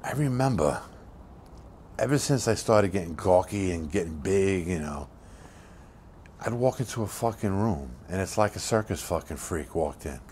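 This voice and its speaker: An actor playing a hulking, foul-mouthed criminal who talks bluntly and swears constantly in a low-budget film monologue. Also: male voice, animated, moderate pace, a little mellow, a little hiss or hum. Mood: bitter. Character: hulking profane criminal man, coldly scheming.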